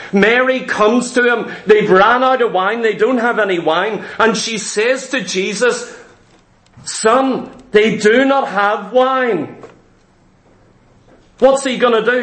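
A man's voice: sits high, fairly bright tone. A man preaching a sermon in a church hall, emphatic and repetitive, full of rhetorical questions. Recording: roomy echo.

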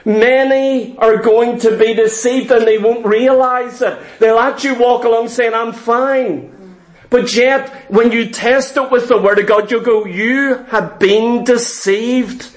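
A man preaching a sermon, emphatic and deliberate, repeating phrases for stress. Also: very high-pitched, steady tone, poor audio. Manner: slow, deliberate delivery.

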